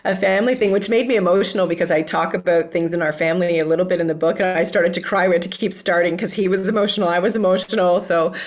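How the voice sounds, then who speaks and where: A woman's voice: lowish voice, fairly even intonation, fast talker, few pauses. A middle-aged woman guest on a podcast interview, talking in a bubbly, enthusiastic way from a recording studio. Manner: bubbly, enthusiastic, laughs often. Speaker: guest, author and music coach.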